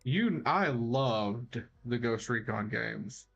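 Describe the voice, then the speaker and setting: A man co-hosting a gaming podcast in casual chat, easygoing, often answering with quick short replies. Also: medium pitch, lively intonation, gravelly, fairly bright tone, lo-fi sound. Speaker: podcast co-host.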